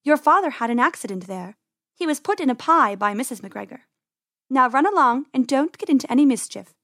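An old mother rabbit fusses and warns her little ones, read by a woman in a storybook. Her voice sits a touch high and close. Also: expressive, brisk, a bit bright, dry recording. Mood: cautioning.

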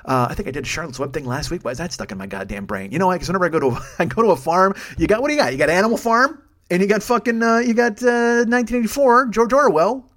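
A man's voice: sits high, lively intonation, quick pace, a bit bright. A man in his forties hosting a comedy podcast, rambling through a profane, self-deprecating monologue. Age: 40s.

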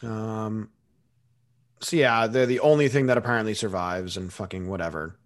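A man's voice: lowish voice, moderate pace. A man co-hosting a podcast, offhand and sarcastic, swearing casually. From Boston area. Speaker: podcast co-host.

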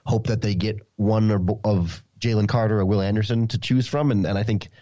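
Male guest, casual sports talk, low voice, dull dry lo-fi audio. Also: steady tone, brisk, dark tone, dry recording. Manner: talkative, repeats words as he thinks. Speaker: podcast guest.

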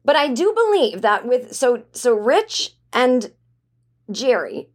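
A woman comedian hosting a podcast, telling a casual, animated story from her home office in a chatty way, full of "like"s. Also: fairly high pitch, slow pace. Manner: chatty and animated, acts out quoted voices, many "like"s.

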